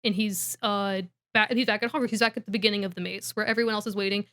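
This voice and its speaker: A woman's voice: medium pitch, fairly even intonation, fast, a bit bright. A woman co-hosting a podcast, casually recapping a book as a rambling storyteller with lots of fillers. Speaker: podcast co-host.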